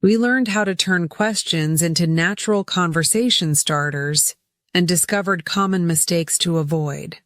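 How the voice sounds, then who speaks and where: A woman narrating a scripted English lesson, speaking deliberately and repeating words for pronunciation drills. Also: on the low side, fairly bright tone, no echo, clean studio sound. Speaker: English teacher.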